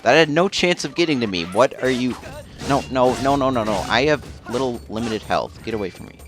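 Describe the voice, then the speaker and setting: A man's voice: medium pitch, expressive, brisk, over music. A man casually commenting as he plays a video game, rambling and chatty. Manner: rambling, chatty, often laughing. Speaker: let's play host.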